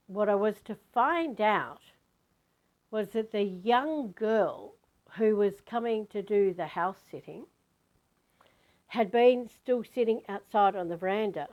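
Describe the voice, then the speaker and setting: A woman recounts a personal story as a vlogger, talking in a loose, rambling monologue. Her voice sits at a middling pitch, and she speaks frankly, with swearing scattered throughout. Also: highs cut off. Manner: candid, rambling, with frequent swearing. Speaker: spiritual vlogger.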